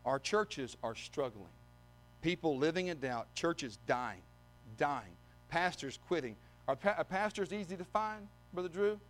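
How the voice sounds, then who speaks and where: A man's voice: fairly high pitch, lively intonation, measured pace. A man preaching a sermon, reading scripture aloud and then speaking emphatically, repeating words, with dry humor. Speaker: visiting preacher.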